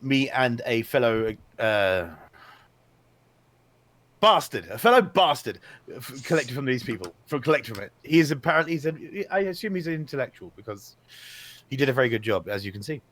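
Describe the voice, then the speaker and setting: A man's voice: mid-range voice, lively intonation, fairly quick, a bit bright, dry recording. Playful mock-formal man, dry sound. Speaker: player. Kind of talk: in-character tabletop play.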